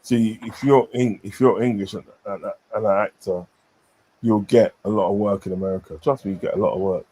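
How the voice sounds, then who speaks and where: A man's voice: lowish voice, fairly even intonation, brisk, mellow, breathy edge. A man chatting casually on a stream, rambling with many fillers and repeated phrases. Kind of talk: casual chat.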